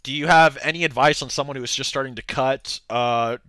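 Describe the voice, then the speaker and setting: A young man delivers a casual livestream rant, rambling loosely and piling on filler words and slang at a fairly quick pace. His mid-range voice is bright, forward and clean, recorded dry and close with almost no room around it.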